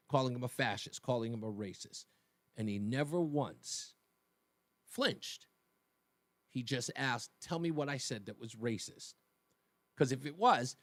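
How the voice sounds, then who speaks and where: A male radio host delivers a heated monologue in a fairly high voice that swings widely up and down. He talks right at his audience, pressing his points with emphasis. The sound is dry and close, with no room around it. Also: no room sound. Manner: emphatic, animated, addresses listeners directly. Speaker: radio talk show host.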